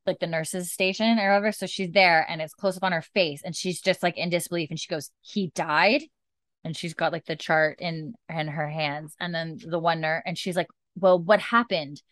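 A woman's voice: fairly low pitch, fairly even intonation, normal speed, a bit bright, no echo. A woman co-hosting a casual chat, animatedly retelling a TV episode and acting out the characters' lines, with lots of "like.". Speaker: podcast co-host recapping a TV episode.

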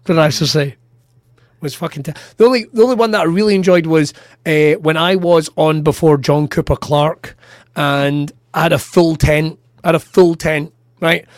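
A Scottish man, a comedian co-hosting a podcast, telling sweary, animated anecdotes in casual chat. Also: on the high side, moderate pace, no room sound, clean studio sound.

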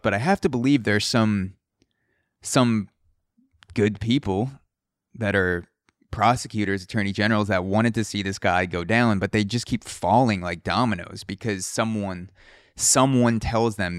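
Low, smooth-voiced man rambling on a podcast. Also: moderate pace, no echo, clean studio sound. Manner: rambling, profane, with comic tangents. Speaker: podcast host. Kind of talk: casual solo podcast commentary.

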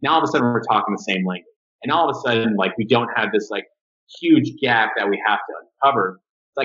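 A man's voice: medium pitch, quick pace, dull audio. A man being interviewed on a podcast, talking casually about his marketing agency and acting out quotes as he tells stories. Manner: animated storyteller who acts out quotes. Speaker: guest, marketing agency owner.

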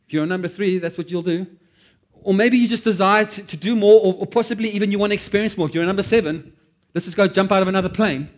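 Guy preaching, bit high voice, jokes about himself, acts out the prayers. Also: fast. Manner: animated, acts out quoted prayers, self-deprecating asides. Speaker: pastor. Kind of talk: sermon.

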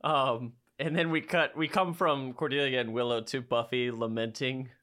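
A woman's voice: fairly even intonation, moderate pace, a bit bright. A woman co-hosting a casual podcast chat, enthusiastic and fond of acting out quotes in a raised voice. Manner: enthusiastic, acts out quotes in a high voice. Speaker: podcast co-host.

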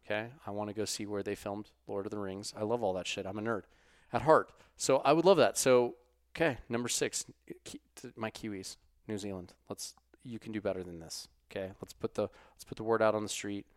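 A man hosting a podcast in casual, profane chat, swinging from muttered asides to loud outbursts. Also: on the low side, steady tone, a little fast, hardly any pauses, no echo, clean studio sound. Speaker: podcast host.

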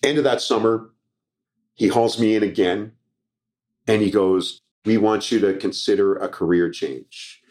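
Middle-aged Canadian man, low-pitched, casual storyteller who acts out dialogue; interview guest. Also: unhurried. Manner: animated storyteller acting out quoted dialogue. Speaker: guest, former TV reporter and comedian.

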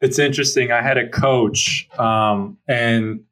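A man hosting a casual podcast talks in a relaxed, easygoing way. He shares his own story loosely and drops the odd swear word. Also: mid-range voice, a little slow. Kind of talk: casual conversation.

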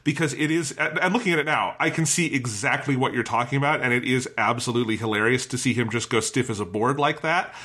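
Chatty male podcast co-host, bright voice. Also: medium pitch, quick pace, hardly any pauses. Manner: animated, chatty, swears freely. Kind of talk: casual film review chat.

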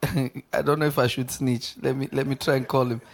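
A preacher delivering a live sermon in an animated manner, laughing often and throwing questions to the congregation. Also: male voice, mid-range voice, fairly quick, vocal fry.

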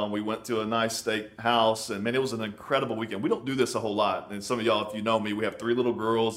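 A man's voice: on the low side, fairly bright tone. Emphatic conversational male pastor. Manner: emphatic, conversational preaching with repeated words. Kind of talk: sermon. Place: on location in a city.

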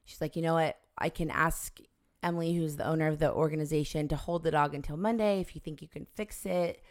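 A woman's voice: deep voice, fairly quick. A woman in her forties telling a family story in casual chat, acting out the voices of the people in it. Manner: animated storyteller acting out quoted dialogue.

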